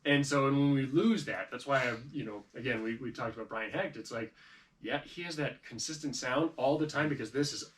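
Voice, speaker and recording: A man teaching a trombone lesson, explaining calmly and then scat-singing phrases loudly to demonstrate, with encouraging comments. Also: medium pitch, fairly quick. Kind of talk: music lesson coaching. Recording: distant mic with trombone playing.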